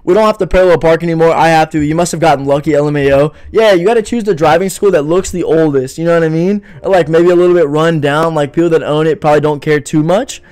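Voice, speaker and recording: A man's voice: a little high, steady tone, quick pace, hardly any pauses, darkish tone, clean tone. A young man hosting a casual livestream, joking and rambling while answering his chat and saying "bro" a lot. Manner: joking, rambling, reads and answers chat, says "bro" and "you know what I mean". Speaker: livestream podcast host.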